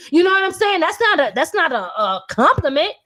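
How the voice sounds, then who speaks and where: A woman's voice: extremely high pitch, very animated, moderate pace, a bit bright. A woman in her thirties hosting a podcast, an independent artist talking bluntly and animatedly with lots of profanity. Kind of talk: casual opinionated talk.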